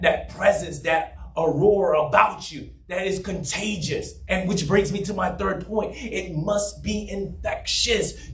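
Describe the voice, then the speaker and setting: A man preaching in a church, with a high, lively voice that often rises to a shout. His sermon rings around a roomy, echoey hall, and he sounds a little distant from the mic. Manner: emphatic, often shouting, plays with pitch; mocks a flat monotone preacher for effect. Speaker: pastor. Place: church sanctuary.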